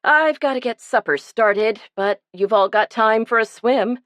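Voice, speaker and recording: A woman voicing a practical, wry mother who speaks briskly and reassuringly. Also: on the high side, fairly bright tone, dry recording, muffled recording, pitched above the performer's own voice. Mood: motherly.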